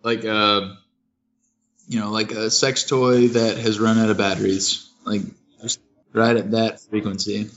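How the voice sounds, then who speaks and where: A man co-hosting a casual podcast, laid-back and deadpan, swearing casually. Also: fairly low pitch, unhurried, highs cut off. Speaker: podcast co-host.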